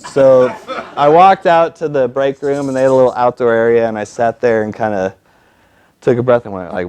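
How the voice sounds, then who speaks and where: A man at a storytelling event, telling a personal story in an animated, self-mocking way and acting out the people he quotes. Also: mid-range voice, normal speed, a little hiss or hum.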